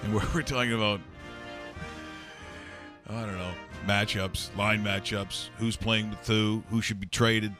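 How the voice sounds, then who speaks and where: A man hosts sports talk in a low, easy voice, chatty and wry as he leads into the next bit. Faint music plays beneath. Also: steady tone, unhurried, pauses often. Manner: chatty, wry, sets up segments. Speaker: host. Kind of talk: casual sports radio banter.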